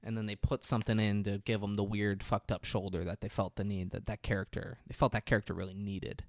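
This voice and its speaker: A man on a podcast recapping a movie in casual chat, crude and animated, often mimicking the characters in quick bursts. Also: on the low side, no echo, clean studio sound. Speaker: podcast co-host.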